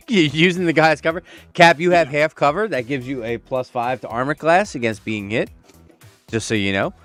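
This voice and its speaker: A man's voice: fairly high pitch, normal speed, fairly bright tone, soft background music. A man narrating a tabletop game as game master, laughing often in a loose, playful way.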